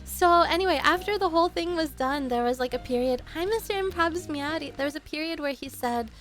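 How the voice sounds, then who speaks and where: A young woman with a high, light voice chats on a live stream, rambling from one tangent to the next and laughing often. She stops mid-story to greet viewers by name, all over soft background music. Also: brisk.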